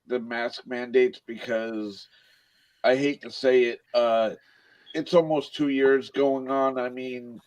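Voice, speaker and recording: A man's voice: mid-range voice, darkish tone. A man who works as a volunteer firefighter, talking bluntly in a casual podcast chat over dull, slightly muffled remote audio. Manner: blunt, frank.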